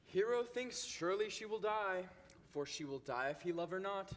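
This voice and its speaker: A man playing a playful, high-voiced young noble. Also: expressive, normal speed, a bit bright. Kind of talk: stage play performance. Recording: reverberant hall, faint noise.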